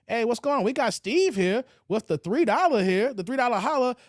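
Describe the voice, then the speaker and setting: Man, high voice, slangy livestream host, reads chat comments aloud, dry close sound. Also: expressive, a little fast, no echo.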